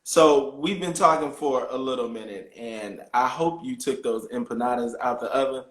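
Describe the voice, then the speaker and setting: A man's voice: medium pitch, moderate pace, a bit bright. A man hosting an interview over a video call, easygoing and curious as he asks questions. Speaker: host. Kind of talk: casual interview chat. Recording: roomy echo.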